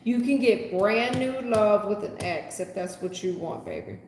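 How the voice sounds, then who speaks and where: A woman's voice: medium pitch, a little slow, darkish tone, slight background noise. A woman giving a live tarot reading, sarcastic and scolding in a folksy way. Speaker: tarot reader. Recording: echoey room with long reverb.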